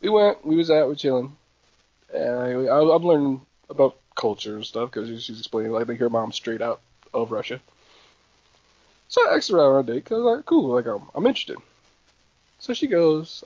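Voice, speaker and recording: A young man telling a story in casual chat, animated and laughing often, acting out quotes. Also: medium pitch, moderate pace, no room sound. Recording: dry, slightly dull sound.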